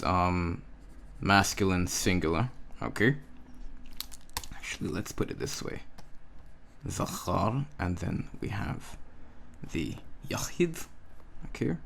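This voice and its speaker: A Hebrew teacher with a deep, gravelly voice gives a slow, drilling language lesson. He patiently repeats words and checks in with the listener.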